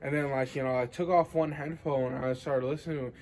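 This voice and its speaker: A man's voice: medium pitch, steady tone, fast, a little mellow, a little hiss or hum. A young man rambling casually to the camera in a vlog, full of filler words and swearing. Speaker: vlogger.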